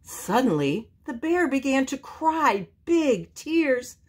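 An older woman reading a children's picture book aloud, slow and expressive. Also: high-pitched, slight background noise. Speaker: storyteller. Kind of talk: children's storybook read-aloud.

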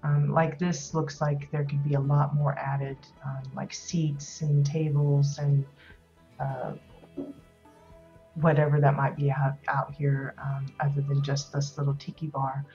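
A woman's voice: deep voice, monotone, measured pace, warm tone, highs cut off, soft background music. A woman hosting a casual video tour of player-built homes in a game, talking loosely with lots of ums and restarts. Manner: rambling, many ums and restarts. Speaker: host touring player houses in a game.

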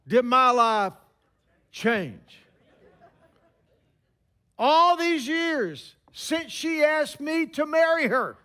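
A man in his sixties preaching a sermon, telling stories with emphatic pauses. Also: very high-pitched, a bit bright.

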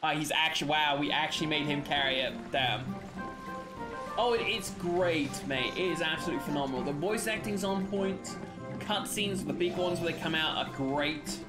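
A man streaming a video game, giving relaxed, rambling commentary and swearing casually. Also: fairly high pitch, moderate pace. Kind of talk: casual let's-play commentary. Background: game music.

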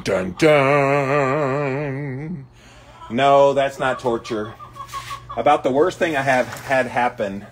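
The background is noisy as this medium-pitched man runs a casual outdoor livestream. He welcomes viewers by name, talking emphatically, with chickens clucking in the vicinity.

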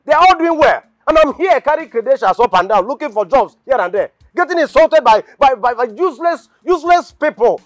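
A man's voice: extremely high pitch, fairly quick, few pauses, no room sound. An actor playing a frantic Nigerian young man. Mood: indignant. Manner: excitable, pleading, stammering repetitions. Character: young man Uche, impatient and desperate to go abroad. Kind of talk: film drama acting.

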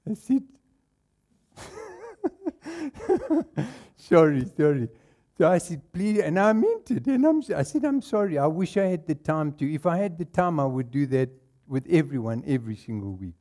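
South african pastor guy preaching in church, warm mellow voice, chuckles through his own stories. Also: fairly high pitch, sing-song, a little fast, hardly any pauses. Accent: South African English. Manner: storytelling, laughing at his own anecdotes. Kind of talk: sermon.

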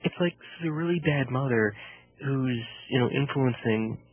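Husky man ranting about a film. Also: mid-range voice, moderate pace, no room sound. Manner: animated, ranting, mimics voices. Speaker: podcast co-host. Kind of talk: casual film review chat. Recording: dull lo-fi podcast audio.

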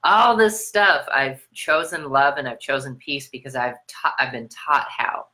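A woman's voice: fairly even intonation, normal speed, pushed and bright. An American woman giving a motivational sermon on self-love, piling up rhetorical questions and swearing freely. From United States. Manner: preachy, repetitive rhetorical questions, swearing, big swings in pitch. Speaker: spiritual self-love coach.

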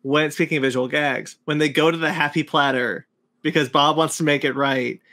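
A man with a high voice chatting as a podcast co-host. He tells stories in a casual, amused way and often giggles. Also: fairly even intonation, moderate pace, pushed and bright. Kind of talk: casual chat.

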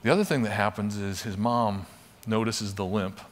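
A man's voice: on the low side, steady tone, moderate pace. A man teaching a class by telling a parable in a conversational storytelling manner. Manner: conversational storyteller, acts out quotes. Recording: long hall reverb.

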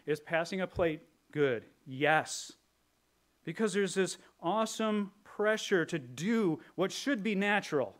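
A male pastor giving a conversational, joking sermon, now and then slipping into playful character voices. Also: on the high side. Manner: conversational, jokey, drops into put-on voices.

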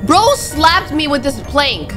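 A young woman playing a horror game on her channel, talking casually with slang, jumpy and dramatic, pleading when frightened and shouting at sudden scares. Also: high-pitched, very animated, takes it slowly, music in the background. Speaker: gaming YouTuber.

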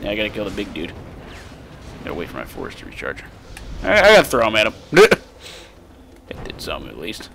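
A young man casually commenting on his gameplay as a let's play host, excitable and profane and often laughing, recorded on a desk microphone. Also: on the low side, a little fast, vocal fry, long pauses, background noise.

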